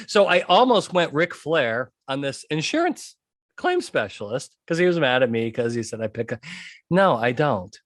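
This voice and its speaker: Animated ranting male podcast host. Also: normal speed, no echo, studio quality. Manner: animated, ranting, laughs often, jumps high in pitch. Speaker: podcast host, litigation psychologist. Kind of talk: solo podcast rant.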